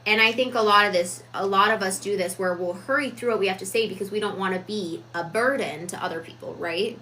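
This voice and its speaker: A woman giving a reflective, casual talk on personal growth, deliberate with frequent fillers. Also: medium pitch, bright, forceful tone, a little hiss or hum, rough recording. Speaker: self-improvement vlogger.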